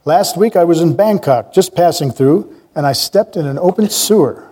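Man doing a chatty young traveler guy, wry and musing, slightly raised, mellow voice. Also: fairly high pitch, animated, moderate pace, husky, voice pushed up. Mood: recounting. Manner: chatty, musing, plain voice with no accent.

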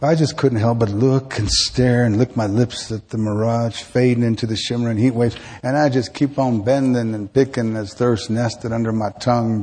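Man reading as an anguished woman field worker, slow lyrical telling, husky tone. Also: fairly low pitch, darkish tone, in a large hall. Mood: haunted. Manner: slow, lyrical, intense first-person narration. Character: grieving woman field worker, haunted by thirst.

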